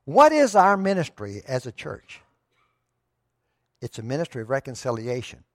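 A man's voice: medium pitch, huge pitch swings, moderate pace, no echo, studio quality. A pastor preaching a sermon to his church, telling a story in a conversational way that rises to emphatic moments.

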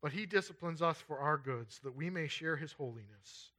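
Reading scripture and then applying it, a man delivers a sermon fairly quickly with lively intonation. His delivery alternates between loud, urgent emphasis and quiet, low asides.

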